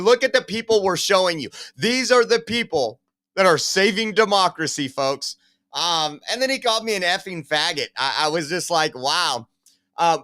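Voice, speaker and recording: Male podcast host, bright tense tone, pitched a bit high, sarcastic and rambling. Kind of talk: opinionated commentary.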